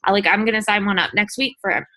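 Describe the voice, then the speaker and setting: A chatty woman coaches her sales team in a relaxed, everyday voice of middling pitch. She talks loosely, with many fillers, and slips into acting out the messages she trades with people. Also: quick pace, no room sound. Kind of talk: casual coaching talk.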